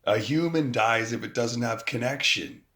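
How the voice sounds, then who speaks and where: A vlogger with a mid-range voice and a sharp tone records an angry, profane rant into his phone outdoors at a moderate pace. He mocks people by putting on quoted voices as he speaks to the camera.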